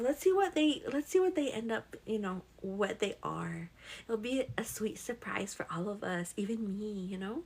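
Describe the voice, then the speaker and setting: A young pregnant woman hosting a casual live stream, reading viewer comments in a chatty, affectionate way and calling everyone "girl". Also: fairly high pitch. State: pregnant with twins.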